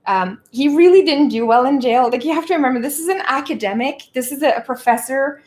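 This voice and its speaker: Chatty high-voiced woman livestreamer. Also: brisk. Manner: chatty and animated, laughs often, slangy asides. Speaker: livestream host. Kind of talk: casual political commentary on a book.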